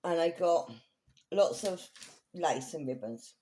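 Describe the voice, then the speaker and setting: A woman's voice: lowish voice, animated, slow, warm tone, a little hiss or hum. A woman chatting casually through a thrift haul in a rambling, self-correcting way. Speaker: craft vlogger.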